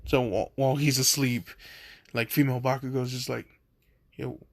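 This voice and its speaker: A man's voice: mid-range voice, level tone, fairly quick, no room sound. A young man casually retelling a fan story, rambling with lots of fillers and laughing at himself.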